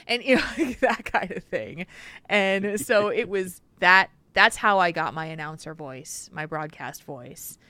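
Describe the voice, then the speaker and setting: A woman co-hosting a casual podcast, telling stories in an animated way. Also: lowish voice, measured pace, no room sound. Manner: animated storyteller, laughs often, slips into silly voices. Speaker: podcast co-host.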